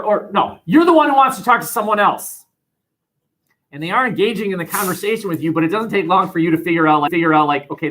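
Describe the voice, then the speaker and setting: A man lectures his sociology class in an animated, lively way, and he often acts out the people he quotes. His voice sits a touch high for a man. He is speaking in a classroom. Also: rough recording. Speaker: sociology teacher.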